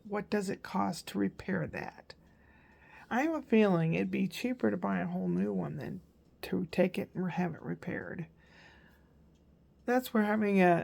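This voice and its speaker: A woman's voice: fairly low pitch, gravelly, darkish tone, slightly rough. An older woman, a grandmother, chatting casually through her day in a meandering, storytelling vlog. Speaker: grandmother vlogger. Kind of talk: casual rambling daily recap.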